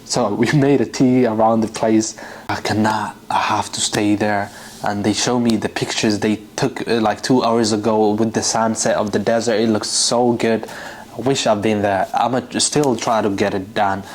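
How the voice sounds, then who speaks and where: A man's voice: fairly low pitch, flat delivery, moderate pace. Exasperated man rambling through a story. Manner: rambling, exasperated, many fillers and restarts. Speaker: vlogger. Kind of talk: casual storytelling to camera.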